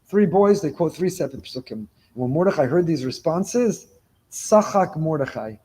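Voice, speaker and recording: A man's voice: fairly high pitch, lively intonation, normal speed, mellow, husky. A man giving a sermon as a rabbi to a congregation in a synagogue, speaking emphatically, repeating key phrases and weaving in Hebrew terms. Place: synagogue before a live congregation.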